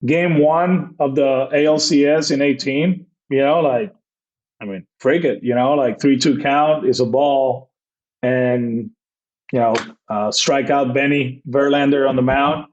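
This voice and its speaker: This podcast guest, a baseball manager, speaks in a middle register with a steady, darkish tone. He rambles through his stories with piled-up fillers and false starts, now and then acting out brief exchanges. It's a casual storytelling interview with lo-fi sound.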